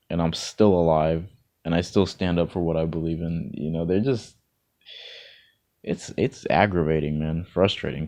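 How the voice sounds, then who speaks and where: A man with a notably deep, low-pitched voice talks straight to camera in a loose, rambling monologue. He stumbles over and repeats words and breaks into chuckles as he goes, with the plain, unpolished tone of a personal vlog. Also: darkish tone. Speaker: vlogger. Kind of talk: casual spoken monologue of encouragement.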